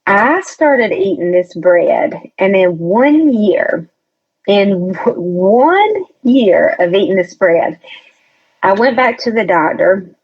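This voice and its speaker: Slow-talking woman telling her story. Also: medium pitch, animated, lo-fi sound. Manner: chatty storyteller who acts out quoted voices, laughs often. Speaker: podcast guest. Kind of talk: casual storytelling interview.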